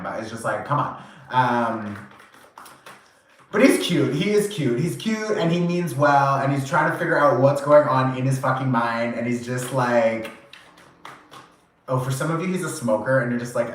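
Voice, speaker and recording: Chatty, animated tarot-reading man. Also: medium pitch, moderate pace, very echoey, slight background noise. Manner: chatty, animated, full of fillers and swearing. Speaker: tarot reader. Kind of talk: casual pick-a-pile tarot reading.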